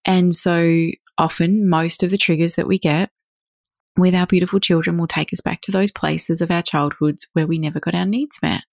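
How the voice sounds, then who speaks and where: A woman with a deep voice and a gravelly edge talks through parenting ideas in an interview. She is reflective and builds each point from long everyday examples. The sound is close and dry. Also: steady tone, moderate pace, no room sound. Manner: acts out quoted thoughts in her own voice. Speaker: parenting coach. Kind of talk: podcast interview.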